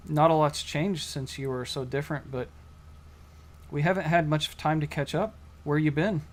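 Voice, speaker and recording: A man voicing gruff, wary brothers of a noble house with a Scottish accent, blunt and bellowing. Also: fairly high pitch, steady tone, moderate pace, lightly acted. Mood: curious.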